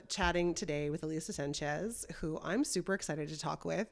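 A woman's voice: deep voice, fairly quick, creaky, few pauses. A woman hosting a podcast in upbeat, casual chat, sounding nasal from a head cold. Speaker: podcast host.

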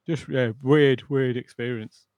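A man's voice: mid-range voice, steady tone, a little slow, darkish tone, clear, resonant tone, no room sound. A man co-hosting a podcast, telling a story in a casual, rambling way with lots of restarts. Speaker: podcast co-host. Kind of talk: casual chat.

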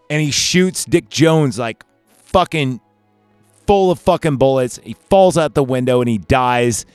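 A man hosting a podcast, talking through his favorite movie endings in a rambling, excitable way and swearing often. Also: medium pitch, a little slow, clear, resonant tone, dry recording, soft background music. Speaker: podcast host. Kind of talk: casual movie ranking chat.

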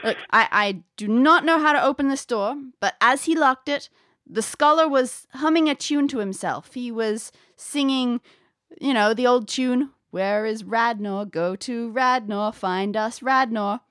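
A woman putting on an earnest, old-fashioned woman scholar from the 1600s, locked in a closet, her voice muffled through a door. She pleads in a formal, slightly high voice and a quaint accent that is half English, half American. The sound is close and dry. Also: moderate pace, fairly bright tone, no echo. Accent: 1600s mix of English and American.

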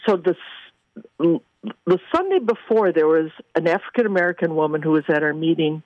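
A woman minister, a guest, telling faith testimonies in an animated way and acting out the people she quotes. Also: low-pitched, normal speed, dry recording, highs cut off. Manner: animated, acts out quoted voices. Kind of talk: testimony storytelling.

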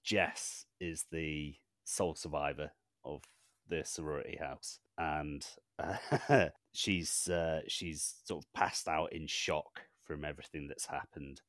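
A man's voice: very deep voice, steady tone, takes it slowly, fairly bright tone, dry recording, studio quality. A man hosting a casual film-panel podcast, laughing readily as he steers the chat. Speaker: podcast host.

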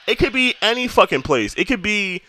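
A man's voice: high-pitched, sing-song, a little fast, bright, forceful tone, a little hiss or hum. Heated New guy ranting. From New York. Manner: heated, rambling rant with lots of swearing. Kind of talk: casual chat.

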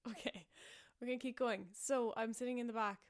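A young Irish woman hosts a casual storytelling podcast, chatting in a self-mocking way with lots of fillers and frequent laughs. Her voice is fairly high, steady in tone, and brisk.

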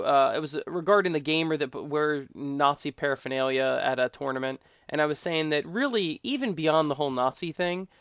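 A man's voice: fairly high pitch, smooth, dry recording, highs cut off. A man hosting a podcast, chatting casually and thinking aloud with fillers. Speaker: podcast host.

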